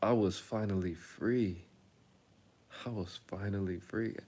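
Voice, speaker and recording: A man's voice: on the low side, slow pace. Young man animatedly retelling a story. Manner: animated, slangy, dramatic retelling. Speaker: storytelling video host. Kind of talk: casual story time.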